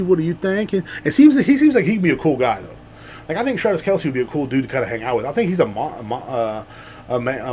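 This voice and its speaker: Swearing freely, a man riffs solo on his podcast in a loose comedic ramble, jumping from loud, excited outbursts to half-swallowed mutters. His pitch is an ordinary middle, and a faint hum sits in the background.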